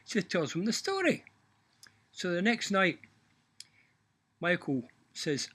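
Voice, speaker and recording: A man's voice: sits high, very animated, a little slow, pauses often, pushed and bright, slightly rough. A half Irish, half Scottish man casually telling a joke, swearing and folksy. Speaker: joke teller. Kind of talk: casual storytelling.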